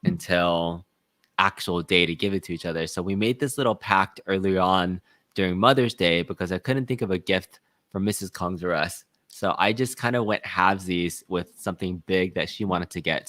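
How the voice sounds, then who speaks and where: A man's voice: low voice, dry recording. A man co-hosting a casual live chat show, upbeat and greeting viewers by name, with plenty of ums and uhs. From Los Angeles area. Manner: upbeat, shouts out viewers by name, many fillers.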